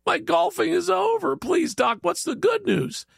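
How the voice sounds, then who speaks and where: Eager boastful golfer, high and creaky, a man doing the voice in a joke. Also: very animated, a little slow, no room sound, studio quality, full character voice. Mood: excited. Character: eager middle-aged male golfer, boastful.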